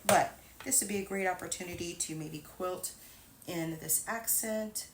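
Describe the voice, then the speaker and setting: A woman's voice: lowish voice, unhurried, slight background noise, poor audio. A woman giving a patient, step-by-step sewing tutorial as a voice-over, with small asides as she works. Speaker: quilting instructor.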